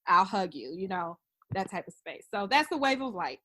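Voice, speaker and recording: A woman's voice: medium pitch, expressive, normal speed, a bit bright. A woman guest on a podcast interview, earnestly telling about a remembrance ceremony she organizes, with many "you know" fillers.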